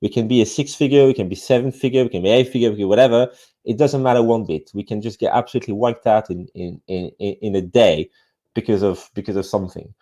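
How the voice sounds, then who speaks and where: A man with a French accent speaks at a quick pace in a lowish, warm voice during his remote conference presentation for an online ecommerce summit. Fillers, restarts and swearing run throughout.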